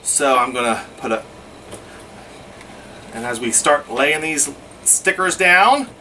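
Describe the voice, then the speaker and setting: A man's voice: mid-range voice, animated, slow pace, sharp tone, far from the mic, a little hiss or hum. A man giving a casual scrapbooking how-to, chatting through each step as he works. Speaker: scrapbooking instructor.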